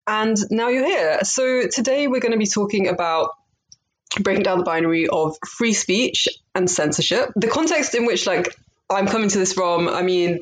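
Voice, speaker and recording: A woman hosting a podcast interview, talking in a thoughtful, searching way with frequent fillers and restarts. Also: medium pitch. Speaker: podcast host.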